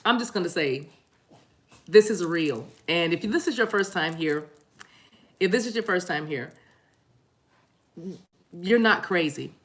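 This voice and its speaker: Chatty woman tarot reader, lowish voice. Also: lively intonation, a little slow, pauses often. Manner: chatty, laughs often, warm "y'all" asides; rambling with restarts and apologies. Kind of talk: casual live-stream chat.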